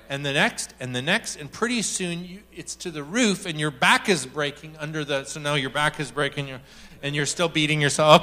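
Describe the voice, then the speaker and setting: A man preaching a sermon in a lively, joking way, telling stories and acting out quotes as he talks to a congregation. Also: a little high. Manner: animated and joking, acts out quotes. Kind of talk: sermon with storytelling.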